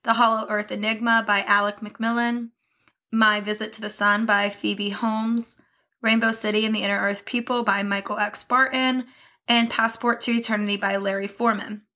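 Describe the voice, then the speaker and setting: A woman's voice: mid-range voice, little pitch movement, moderate pace, bright, forceful tone. A young woman co-hosting a podcast in casual chat, chatty and often laughing. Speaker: podcast co-host.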